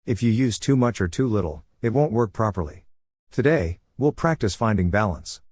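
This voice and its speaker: A man reading a patient, gentle female spirit mentor from a fan-fiction story, calm and low. The sound is dry and close with no room around it. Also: moderate pace, slightly rough, no room sound.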